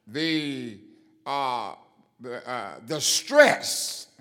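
A man preaching a sermon as a Bible lesson, talking deliberately with many fillers and leaning hard on stressed words. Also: mid-range voice, fairly bright tone.

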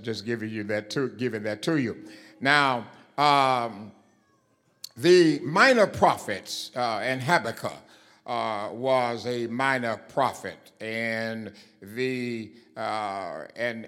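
Male preacher, slow and deliberate, fills pauses with "uh", builds to emphatic repeated lines. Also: medium pitch, a bit bright. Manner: slow and halting with many fillers, rising to emphatic declarations; repeats key phrases for emphasis. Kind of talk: sermon.

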